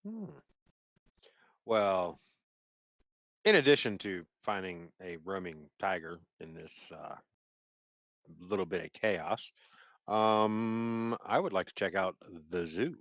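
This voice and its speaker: Very deep-voiced man, lively pitch. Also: takes it slowly, long pauses, no room sound. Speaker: player. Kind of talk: casual tabletop play. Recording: dry, dull lo-fi audio.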